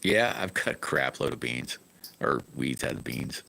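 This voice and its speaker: A man's voice: rumbling low, animated, normal speed, gravelly, pushed and bright, a little hiss or hum. A middle-aged man, telling rambling, folksy stories in a casual live stream chat.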